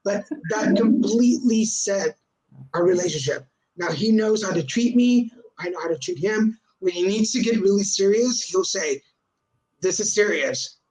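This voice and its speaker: Hosting a live video chat over a rough video-call recording, a man tells a funny story in a sarcastic, joking way, dropping in Spanish words. His voice is high-pitched and animated with a darkish tone, at a moderate pace.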